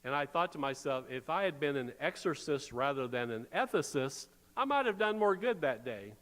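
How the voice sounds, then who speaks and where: A man's voice: on the high side, expressive, normal speed, a bit bright. A man preaching a sermon as pastor, conversational, with wry asides. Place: church sanctuary. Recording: long church reverb.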